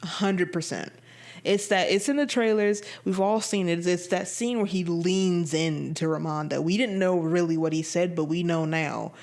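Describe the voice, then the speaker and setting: Animated woman giving a casual movie review. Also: normal speed. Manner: animated, emphatic, jumps between high excited bursts and low drops.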